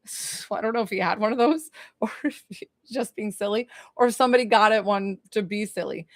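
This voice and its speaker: A woman's voice: mid-range voice, brisk, dry recording. Chatty woman giving a dry-sounding psychic reading. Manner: chatty, hesitant, many fillers and questions. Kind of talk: live-streamed spiritual reading.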